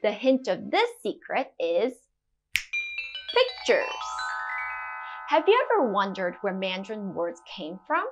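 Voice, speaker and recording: A woman's voice: mid-range voice, very animated, normal speed, hardly any pauses, highs cut off, music in the background. Playful sing-song woman teaching kids. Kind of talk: children's lesson narration.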